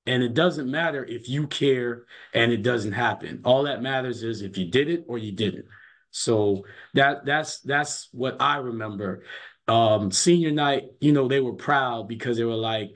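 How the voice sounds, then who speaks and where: A man's voice: mid-range voice, unhurried. Earnest storytelling man coach. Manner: earnest storyteller, repeats words as he goes. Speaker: college basketball coach. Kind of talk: casual interview chat.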